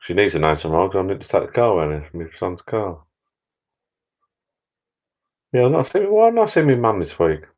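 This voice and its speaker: Rambling middle-aged bloke, deep. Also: male voice, sing-song, brisk, pauses often, highs cut off. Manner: rambling, jokey, repeats words. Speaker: live stream host. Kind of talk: casual live stream chat. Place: backyard garden bar shed.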